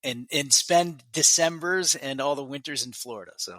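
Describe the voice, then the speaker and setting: A man talking as a podcast guest, upbeat and quick to laugh while telling stories. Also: fairly high pitch, pushed and bright, no room sound. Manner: upbeat, storytelling, laughs easily. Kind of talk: casual interview chat. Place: home office on video call.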